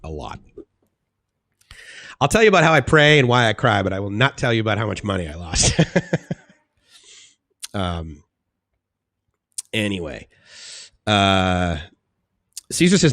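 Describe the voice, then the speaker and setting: A man's voice: a little slow, long pauses, no echo, clean studio sound. Chatty, rambling middle-aged man streaming live. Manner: chatty and rambling, laughs often, swings between soft musing and excited high bursts. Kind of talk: casual live-stream chat. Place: indoors at home.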